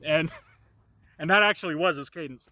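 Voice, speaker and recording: A man's voice: a little high, normal speed, bright, forceful tone, no room sound. A man telling a personal story in an improvised monologue, rambling and profane with stammered restarts. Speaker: vlogger.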